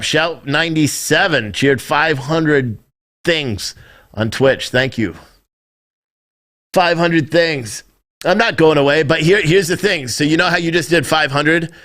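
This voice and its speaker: A man's voice: a little high, a bit bright. A man in his thirties hosting a live stream, rambling and swearing as he reads chat. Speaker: live streamer, news show host. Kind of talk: casual live-stream commentary.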